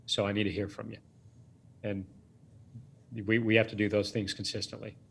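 A man's voice: fairly low pitch, level tone, normal speed, vocal fry, husky. A man speaking as a guest, telling a personal story in a reflective way, with short phrases and many fillers.

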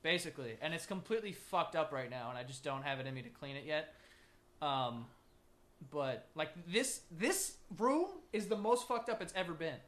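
A young man co-hosting a podcast from a makeshift home studio, joking loudly and crudely in casual banter. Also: on the high side, moderate pace. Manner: loud, joking, crude, animated. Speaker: podcast co-host.

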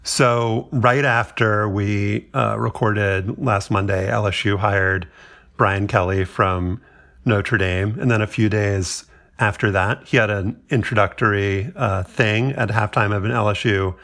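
A man with a Southern accent co-hosts a sports podcast in casual chat. His voice has a gravelly edge, and his delivery is wry and deliberate. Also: lowish voice, steady tone, a bit bright. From Louisiana. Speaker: podcast co-host.

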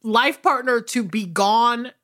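Slow-talking bright woman co-host. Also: on the high side. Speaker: podcast co-host. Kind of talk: casual comedic chat.

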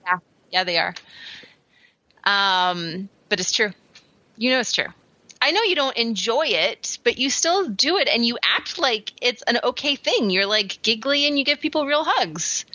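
A woman's voice: fairly high pitch, expressive, unhurried, pushed and bright, dry recording, highs cut off. A woman co-hosting a podcast in casual chat, talking freely with many fillers and laughs. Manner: chatty, laughing, lots of fillers. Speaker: podcast co-host.

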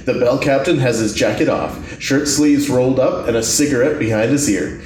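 A man's voice: mid-range voice, normal speed, a little mellow. Man reading stage directions aloud. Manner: reads directions, laughing asides. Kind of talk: comedic script table read. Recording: echoey room, faint noise.

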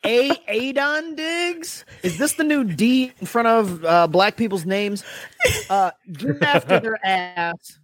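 A man's voice: high-pitched, expressive, takes it slowly, fairly bright tone. A man co-hosting a podcast, reading his notes in casual chat, sarcastic and swearing freely. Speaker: podcast co-host.

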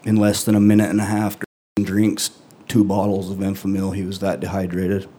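Middle-aged man, live storyteller, very low voice, level and even, earnest, halting phrasing. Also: slightly rough. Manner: earnest, halting delivery with long pauses. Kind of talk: live first-person storytelling.

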